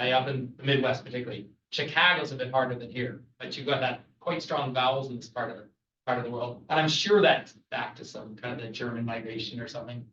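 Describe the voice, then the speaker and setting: Heard from a distance in a muffled, echoey room, a Canadian travel lecturer keeps his class lively with jokes, chatter and questions for the audience. His voice is mid-range and a bit bright.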